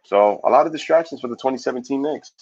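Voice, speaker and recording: A man hosting a casual live sports stream, reading viewer comments aloud and giving shout-outs in a loose, slangy way. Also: mid-range voice, fast, dull audio. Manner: loose, slangy, animated opinions.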